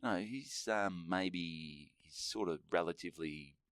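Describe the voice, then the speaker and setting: A man's voice: sits low, a little slow, fairly bright tone, dry recording, studio quality. An Australian man co-hosting a podcast, telling stories in casual, sweary chat and often laughing. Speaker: podcast co-host.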